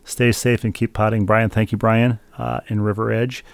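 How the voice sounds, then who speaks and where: Gravelly low-voiced man reading listener mail. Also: level tone, moderate pace, no echo. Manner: wry, meandering, with many fillers. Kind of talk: casual sports chat.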